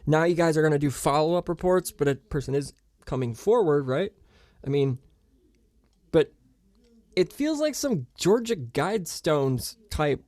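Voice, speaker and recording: A young man hosting a podcast, chatting casually in a rambling, profane and excitable way. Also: fairly high pitch, unhurried, dry recording. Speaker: podcast host.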